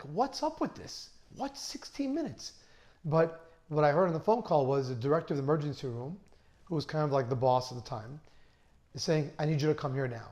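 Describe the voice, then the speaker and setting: A man in his thirties, a plastic surgeon, telling a first-person story in a lively, conversational way and acting out the dialogue. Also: a little high. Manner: animated, conversational, acts out dialogue.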